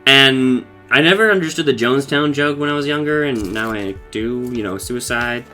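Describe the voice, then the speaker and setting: A man's voice: medium pitch, normal speed, pushed and bright, soft background music. A man casually recapping a cartoon episode for his podcast, talking loosely with lots of swearing and fillers. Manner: loose and profane, with frequent fillers and laughs.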